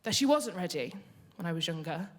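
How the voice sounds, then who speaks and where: A woman's voice: lowish voice, lively intonation, brisk. A young woman telling a comic, confessional story onstage at a live storytelling event. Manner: comic, confessional, builds to punchlines.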